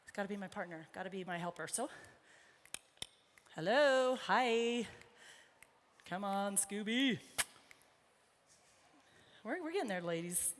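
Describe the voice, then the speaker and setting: A woman's voice: mid-range voice, normal speed, long pauses, in a large hall, slight background noise. A woman horse trainer on a body mic, chatting to her colt and the crowd while riding, a bit out of breath. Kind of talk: live clinic demonstration while riding. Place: indoor arena at a horse expo. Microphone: wireless body mic.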